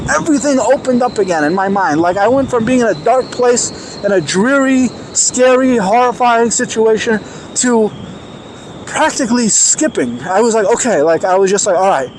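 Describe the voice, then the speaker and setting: High-voiced excited storytelling man. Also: slight background noise. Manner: excited, emphatic, acts out quoted dialogue. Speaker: vlogger telling a personal story. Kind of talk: animated storytelling.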